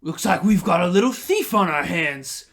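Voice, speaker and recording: A man puts on a menacing thug in a tabletop game, sneering and taunting with a slightly higher, louder voice. He mocks his target and goads him into a fight. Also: expressive, moderate pace, heavily acted. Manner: taunting, mocking. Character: menacing male thug with a sword.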